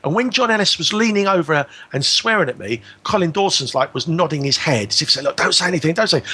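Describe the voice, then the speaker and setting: A man's voice: on the high side, expressive, fast, bright, forceful tone, slightly rough. A man telling a personal story as a guest on a radio talk show, acting out both sides of the exchange.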